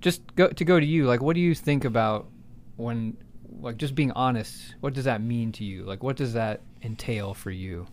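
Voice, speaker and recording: Man, podcast host, relaxed, dry humor, casual talk. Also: medium pitch, moderate pace, slight background noise. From United States. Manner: easygoing, dry jokes, lots of fillers.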